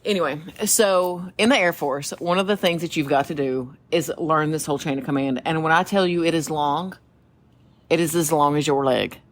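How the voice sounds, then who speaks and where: A woman with a Southern US drawl and a low voice co-hosts a casual podcast. She tells stories with animated energy, laughing easily and acting out the voices of people she quotes. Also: moderate pace. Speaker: podcast co-host. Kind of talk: casual storytelling chat.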